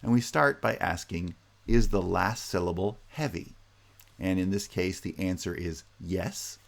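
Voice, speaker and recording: A man's voice: sits low, unhurried, creaky. A man teaching a university linguistics lecture, walking through each step methodically with frequent "uh" fillers.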